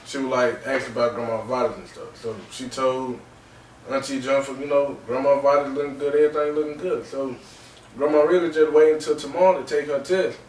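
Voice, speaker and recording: Man telling his story haltingly, roomy and distant. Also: medium pitch, fairly even intonation, darkish tone, slight background noise. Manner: halting, repeats phrases, filler "man" and "you know". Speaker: podcast host. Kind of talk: emotional personal storytelling. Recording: roomy distant mic with faint ambience.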